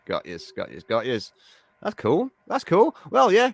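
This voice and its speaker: A male show host from England's West Midlands, with the region's accent, chats casually on a live stream and keeps saying "mate." His voice sits at a medium pitch but swings hugely up and down, and he talks briskly. The recording is dry, with no room sound.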